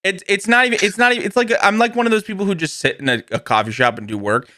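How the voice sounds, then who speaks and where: A young man hosts a podcast, bantering goofily and slipping into silly voices. His voice sits high and bright. It is recorded close and dry, with no room sound. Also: racing, dry recording. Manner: goofy, putting on silly old-man voices, laughs a lot. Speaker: podcast host. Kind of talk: casual comedic chat.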